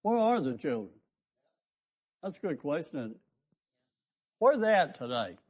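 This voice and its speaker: A man's voice: a little high, big pitch swings, normal speed, breathy edge. An older man, preaching a fervent sermon as a radio pastor and host, stressing his points with rising questions.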